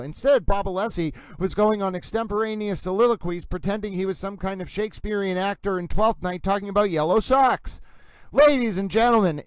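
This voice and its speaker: A man's voice: sits high, clear, resonant tone, no room sound, low-quality recording. A man hosting a live stream, commenting in a theatrical, mock-grandiose way. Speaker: livestream host.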